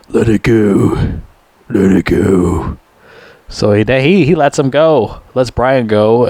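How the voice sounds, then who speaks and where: A man's voice: a little mellow, no echo. Man, casual profane movie recap, rambling and loose, dry close sound. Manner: profane, rambling, laughs at own jokes; mimics characters in high squeaky voices. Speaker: movie reviewer.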